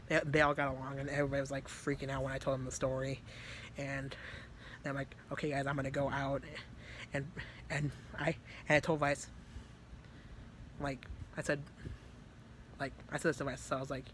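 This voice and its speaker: A man telling a story to his viewers in a rambling, casual way, full of fillers and casual swearing, mostly soft-spoken. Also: mid-range voice, slight background noise. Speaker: vlogger.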